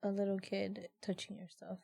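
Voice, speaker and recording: A woman co-hosting a casual podcast, trading blunt and opinionated takes. Her voice has a gravelly fry, and it sounds dry and close with no room behind it. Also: medium pitch, completely flat delivery, moderate pace, mellow, no room sound. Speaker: podcast co-host. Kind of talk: casual chat.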